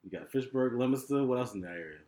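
A man's voice: medium pitch, animated, fast talker, dark tone. A man co-hosting a podcast who chats casually, laughing along and throwing in joking reactions. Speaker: podcast co-host. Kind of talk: casual chat. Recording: echoey room.

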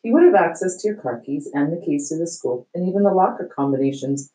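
A woman's voice: deep voice, animated, fast, dark tone, poor audio. A woman reading a children's book aloud, stopping to explain hard words with small fillers. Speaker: reader.

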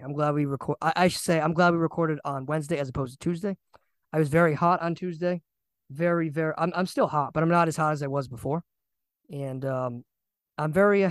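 Ranting young man, slightly high, dry sound. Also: dry recording. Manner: animated, ranting, repeats himself. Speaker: podcast co-host. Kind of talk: casual sports chat.

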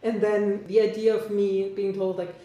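A woman's voice: medium pitch, flat delivery, moderate pace, warm tone. A young woman co-hosting a casual podcast, thinking aloud and laughing often. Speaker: podcast co-host. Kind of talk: casual chat. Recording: very echoey room.

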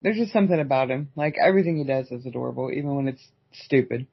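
A woman with a husky, breathy voice co-hosting a casual chat, making playful asides and laughing along. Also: extremely low pitch, fairly even intonation, fast, no echo, dull audio. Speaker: podcast co-host.

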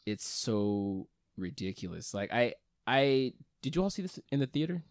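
A young man hosting a casual podcast, upbeat at the intro and relaxed and joking in the chat. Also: mid-range voice, moderate pace, no room sound, studio quality. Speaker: podcast host.

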